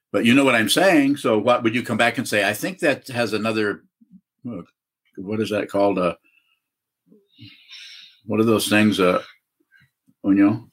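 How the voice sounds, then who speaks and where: Man, lowish voice, zen teacher answering questions, halting with lots of fillers, video call. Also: a bit bright. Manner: halting, many fillers and restarts.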